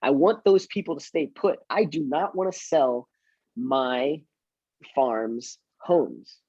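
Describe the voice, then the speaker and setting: A man's voice: a little high, slow pace, a little mellow, breathy edge, no room sound, dull audio. A man who works in real estate, chatting casually and teaching, self-mocking and acting out his door-knocking lines. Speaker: real estate agent and trainer.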